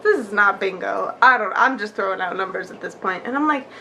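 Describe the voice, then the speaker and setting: A young woman vlogger telling a story in a chatty, animated way, acting out what people said. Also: medium pitch, fairly quick, creaky, a little hiss or hum. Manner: chatty, animated, acts out quotes with many likes. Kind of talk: casual storytelling vlog.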